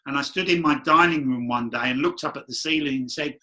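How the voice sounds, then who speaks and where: Man, medium guest, chatty storyteller, bright raised voice. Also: fairly high pitch, brisk. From London. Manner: chatty, rambling anecdotes with acted quotes. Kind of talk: candid storytelling interview.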